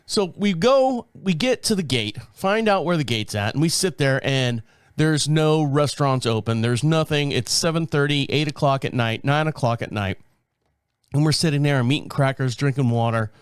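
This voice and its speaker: A man's voice: on the high side, normal speed, clean tone, no room sound, studio quality. A man hosting a podcast, telling a casual story with lots of swearing and laughter. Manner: animated, profane, laughs often. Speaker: podcast host.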